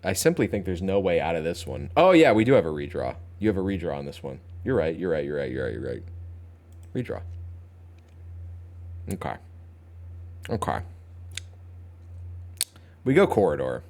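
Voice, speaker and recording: A man's voice: low-pitched, sing-song, normal speed, pauses often, darkish tone. A young man streaming a puzzle game, thinking aloud, joking and talking back to his chat. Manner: chatty, talks to chat, thinks aloud, playful. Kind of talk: casual gameplay commentary. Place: home streaming setup.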